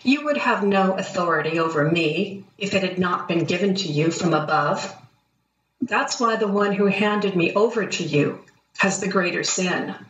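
Woman reader as a calm prophet-king on trial, steady delivery, church reading, distant mic in an echoing room. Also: lowish voice, normal speed, lo-fi sound, natural voice. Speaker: scripture reader. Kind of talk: dramatic scripture reading.

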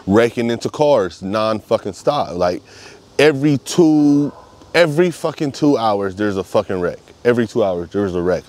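A man's voice: mid-range voice, darkish tone. A man talking straight to camera in a casual monologue, swearing a lot and repeating himself for emphasis. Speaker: vlogger.

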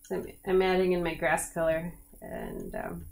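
Creaky-voiced woman painting live. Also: deep voice, moderate pace. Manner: relaxed, chatty, many fillers. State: slightly cracky voice. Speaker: painting instructor. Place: painting studio.

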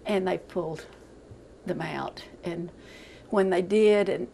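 An older woman giving a halting, emotional account in a news interview, often repeating words as she goes. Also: fairly low pitch, vocal fry, dark tone, a little hiss or hum, rough recording.

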